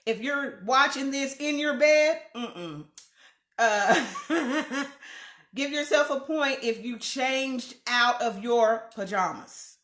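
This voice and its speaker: A woman hosts a casual live stream from a room at home, greeting viewers by name and laughing often. Her voice is high-pitched and fairly bright, she speaks slowly, and the room sounds echoey.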